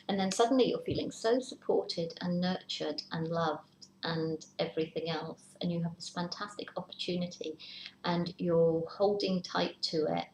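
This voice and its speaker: A woman giving a casual tarot reading, chatty, sometimes dropping into a whisper to act out worries. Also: on the low side. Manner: chatty, acts out worried inner voices in whispers. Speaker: tarot reader. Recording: echoey room, faint hiss.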